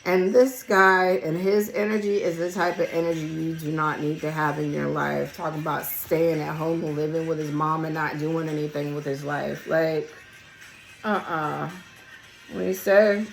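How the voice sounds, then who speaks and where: A woman with a fairly low, hoarse voice, as if she is losing it, talking straight to her viewers through a tarot spread. She is blunt and emphatic and swears without a second thought, while a song plays faintly underneath. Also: little pitch movement, normal speed, faint music behind, low-quality recording. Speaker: tarot reader. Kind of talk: casual collective tarot reading. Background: song playing quietly.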